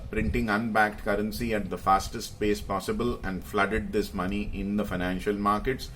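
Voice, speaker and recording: Low-voiced man explaining markets. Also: a bit bright, slight background noise. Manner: hesitant with many fillers, stressing key phrases. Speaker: market commentator. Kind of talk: explaining investing to viewers.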